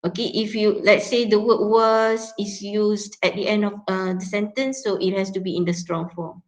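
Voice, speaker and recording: A woman's voice: medium pitch, steady tone, normal speed, low-quality recording. Malaysian woman lecturer, checking in often. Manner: explains step by step, often checking with "yeah?". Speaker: university lecturer. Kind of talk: teaching a phonetics class.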